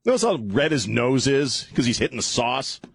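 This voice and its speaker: A man's voice: mid-range voice, big pitch swings, normal speed, breathy edge, no echo. A man hosting a talk radio show, ranting irreverently and laughing often, on a studio microphone.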